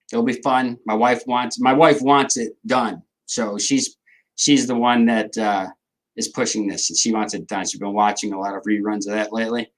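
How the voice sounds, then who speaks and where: A middle-aged man with a mid-range voice hosts a casual livestream, rambling and joking while answering viewers' comments, on a rough recording.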